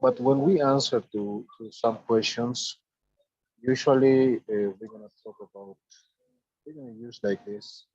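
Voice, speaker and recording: Male english teacher, husky voice, dry dull lo-fi call audio, explains step by step. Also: medium pitch, fairly even intonation, darkish tone, no room sound. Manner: explaining step by step, with halting restarts. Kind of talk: online grammar lesson.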